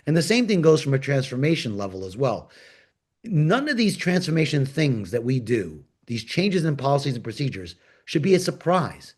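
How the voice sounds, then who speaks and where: A man from New York, talking in a panel discussion and telling workplace stories with lively, acted-out dialogue. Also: fairly high pitch. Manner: animated storyteller, acts out quoted dialogue. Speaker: agile coach and panel host. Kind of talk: conversational panel talk.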